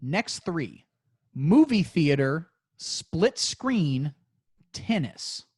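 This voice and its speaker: A man's voice: on the high side, big pitch swings, extremely slow, a little mellow, husky. A man co-hosting a crude comedy podcast and running a movie quiz, talking in a playful, teasing, mock-boastful way.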